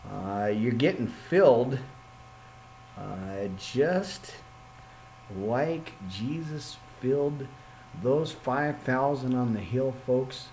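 Rambling, lively man preaching Bible study. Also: mid-range voice, slight background noise, low-quality recording. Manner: rambling, playful, reads scripture aloud with asides. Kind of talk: informal online Bible study sermon.

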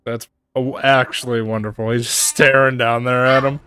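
A man's voice: medium pitch, level tone, normal speed, bright, forceful tone, clean tone. A man with a mid-range voice reacts to clips and makes amused comments between them. His remarks are offhand and often teasing. The overall feel is that of casual talk. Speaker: reaction video host.

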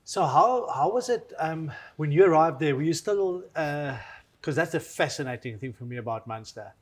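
A man from South Africa co-hosts a relaxed conversation. His voice sits a little higher than usual. He jumps in eagerly and trips over repeated words as he shares his own stories. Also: normal speed, slightly rough. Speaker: co-host, former rugby player. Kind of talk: casual interview chat.

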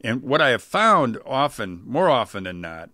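A man's voice: mid-range voice, sing-song, moderate pace, bright, forceful tone, dry recording, studio quality. A middle-aged man giving casual business advice, talking conversationally and often restarting his phrases. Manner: conversational, frequent restarts and repeated words. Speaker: small business coach. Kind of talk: casual advice talk to camera.

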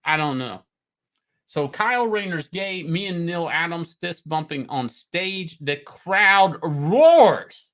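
Middle-aged male host, profane excitable rant, bright voice that swings up and down a lot. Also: a little high, unhurried. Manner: loud, swearing, excitable, jumps from topic to topic. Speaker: comic artist and show host.

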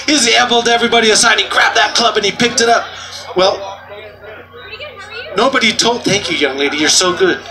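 A man performing as a street juggler, bantering and joking loudly with an outdoor festival crowd. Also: high-pitched. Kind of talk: comedic stage patter.

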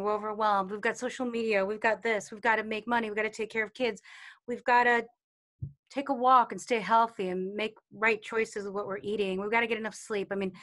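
A woman teaching about intuition and calm on a live video call, chatty, with many fillers and acted-out quotes. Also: mid-range voice. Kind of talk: casual talk in a live online session.

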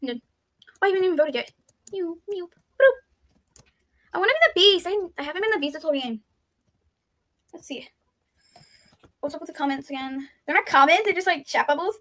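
Brief: high, bright-toned woman, excitable let's-play commentary, frantic repeated pleas. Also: quick pace, pauses often. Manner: thinks aloud, with frequent "let's see" and "I don't understand". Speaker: YouTuber playing an online game. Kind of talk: casual gameplay commentary.

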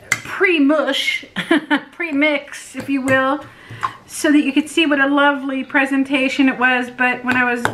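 A woman's voice: sits high, noisy background. A woman vlogger chatting casually to camera at home, self-deprecating and laughing often.

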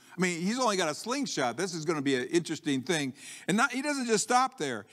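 A man preaching from the pulpit with a slightly high voice, his words trailing into the long reverb of a church hall. He talks like a storyteller, circling back and restarting, then jumps up in pitch to act out bold, defiant lines. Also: sing-song, a little fast, a bit bright. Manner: frequent restarts and "you know" asides, conversational. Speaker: pastor. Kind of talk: sermon. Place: church sanctuary.

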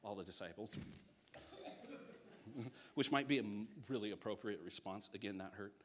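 A male pastor preaching a sermon, acting out voices in his stories, swinging between loud bursts and hushed asides, with jokey remarks. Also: fairly low pitch, normal speed, noisy background. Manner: animated storytelling, acts out voices, jokey asides.

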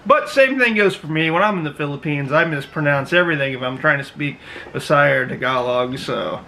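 A man's voice: a little high, a little fast, vocal fry, pushed and bright, slight background noise, rough recording. A man hosting a reaction video, chatting and laughing as he tells stories. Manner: chatty, laughing, retells anecdotes. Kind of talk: casual reaction commentary.

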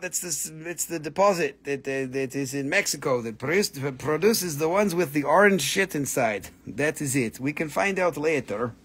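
High-voiced joking man selling crystals live. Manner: joking, playful, breaks into silly voices. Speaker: live-stream crystal seller. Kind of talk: casual live sales stream.

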